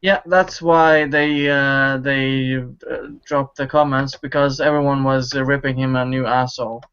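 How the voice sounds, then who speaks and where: Halting male host on lo-fi voice chat. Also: mid-range voice, fairly even intonation, a bit bright, clear, resonant tone. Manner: halting, many fillers. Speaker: stream host. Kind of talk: casual chat.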